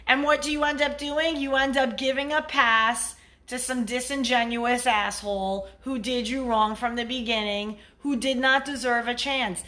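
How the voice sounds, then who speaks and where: Blunt, bright-voiced woman coach. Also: on the high side. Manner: blunt and profane, acts out quoted partners. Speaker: dating and relationship coach. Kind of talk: casual advice vlog monologue.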